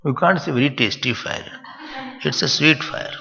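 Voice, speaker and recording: A man's voice: on the high side, moderate pace, creaky, pushed and bright. A man, a spiritual teacher giving a playful scripture lecture and quizzing his listeners. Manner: playful, asks the listeners questions. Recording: dull lo-fi recording in a reverberant hall.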